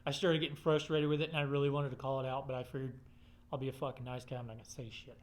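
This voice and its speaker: A man's voice: mid-range voice, level tone, rapid-fire, a little hiss or hum. A man telling a rambling personal story in casual, profane, blunt speech.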